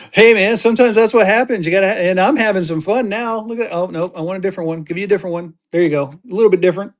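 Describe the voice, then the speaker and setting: Man from Colorado, high voice, selling live on stream with quick, excited auction patter. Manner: upbeat, rapid-fire adding items, gets excited.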